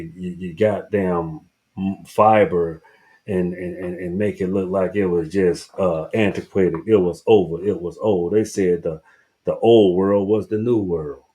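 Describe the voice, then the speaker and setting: Deep and a little mellow, this man's voice comes through poor audio as he hosts a podcast. He's from the Southern United States, with the accent to match, and gives a rambling, emphatic, casual book review full of free swearing.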